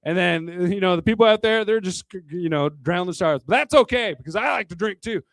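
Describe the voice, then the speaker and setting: A man's voice: high-pitched, expressive, brisk, creaky, a bit bright, no echo, clean studio sound. A man doing a stand-up comedy set at a bar into a handheld microphone, crude and rambling, a bit tipsy, chuckling at his own jokes. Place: bar hosting a live comedy night.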